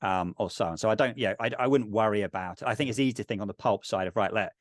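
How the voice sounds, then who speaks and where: A man's voice: fairly low pitch, fast, no room sound, studio quality. A man co-hosting a podcast, thinking aloud about game design in a rambling, filler-heavy way. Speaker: podcast co-host. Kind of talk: casual discussion of game design.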